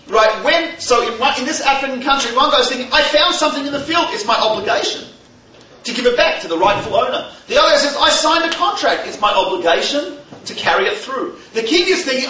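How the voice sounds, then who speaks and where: A man with a high, bright voice gives a lively teaching talk with a story, joking and asking his listeners questions. He is picked up from some distance away in an echoey hall. A faint background hum sits under his voice. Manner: humorous, conversational, asks the audience questions. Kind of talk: lecture with storytelling.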